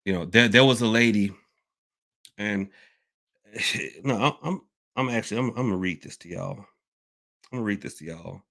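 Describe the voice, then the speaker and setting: A man's voice: on the low side, normal speed, gravelly, long pauses, a bit bright. A man hosting a casual podcast, rambling, repeating himself and calling his listeners y'all. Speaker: podcast host and hoodoo worker. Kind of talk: casual open-topic podcast talk.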